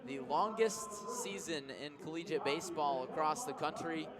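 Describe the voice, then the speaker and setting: A man's voice: fairly high pitch, lively intonation, normal speed. A young man giving color commentary on a baseball radio broadcast, talking enthusiastically and thanking people. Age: young adult. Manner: enthusiastic, grateful, rambling. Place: outdoor ballpark broadcast booth. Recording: ballpark crowd noise behind.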